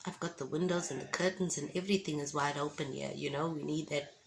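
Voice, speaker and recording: A woman's voice: sits low, steady tone, fast, vocal fry, a little hiss or hum, rough recording. A woman giving an emotional faith testimony to camera at home, fervent and often checking that her listeners understand. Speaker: Christian vlogger giving a testimony. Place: at home indoors with windows open.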